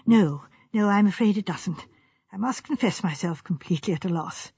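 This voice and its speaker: A woman reading the part of a gentle, fussy old spinster who talks in a prim, hesitant, musing way. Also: medium pitch, moderate pace, husky, no room sound. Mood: firm. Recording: slightly dull, dry recording.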